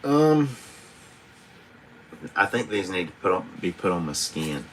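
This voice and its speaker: Slow-talking trucker man. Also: on the low side, sing-song, noisy background. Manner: rambling, swears freely, chuckles often. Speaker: truck driver livestreamer. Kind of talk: casual live-stream chat. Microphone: tablet camera.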